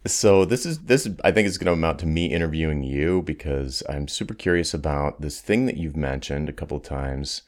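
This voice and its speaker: Very deep-voiced male podcast host. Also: expressive, fairly quick, hardly any pauses. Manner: curious, rambling questions with restarts. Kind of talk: casual podcast interview.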